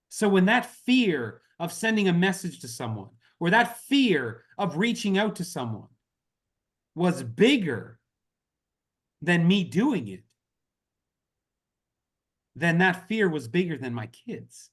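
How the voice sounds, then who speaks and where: A man's voice: sits high, very animated, slow pace, long pauses, breathy edge. A man leading a network marketing team, giving an earnest, impassioned motivational talk on a group video call. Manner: earnest, impassioned, repeats "y'all".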